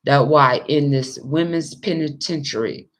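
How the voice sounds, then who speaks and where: A woman's voice: low voice, a little slow. A young adult woman telling a personal story in a rambling, emotional, profane way. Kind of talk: casual monologue.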